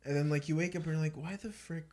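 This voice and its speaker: A man's voice: fairly high pitch, quick pace, darkish tone. Rambling young man, casual podcast. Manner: rambling, lots of likes and restarts. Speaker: podcast co-host. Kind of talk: casual chat.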